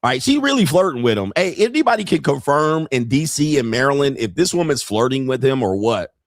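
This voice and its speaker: Man, middle-aged host, lively swinging pitch, dry close sound, blunt and crude, laughs often. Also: brisk, no echo. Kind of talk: commentary on viral clips.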